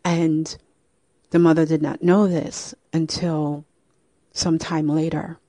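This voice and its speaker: A woman narrates a family story in a measured way, her voice low and mellow. The recording is dry and close. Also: little pitch movement, no echo. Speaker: host. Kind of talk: telling a true story.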